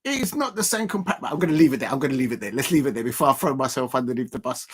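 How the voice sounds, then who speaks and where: A man hosting a casual live stream, talking in an excitable, rambling way and often laughing. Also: mid-range voice, racing, few pauses, husky. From South London, Colombian roots. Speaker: live stream watch-along host.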